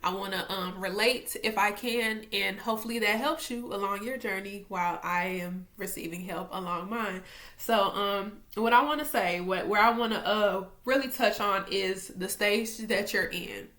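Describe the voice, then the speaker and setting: A young woman, talking to camera at home about faith in a chatty, animated way. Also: medium pitch, normal speed. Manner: animated, excitable, chatty, talks straight to viewers. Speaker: faith vlogger. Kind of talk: casual faith talk to camera.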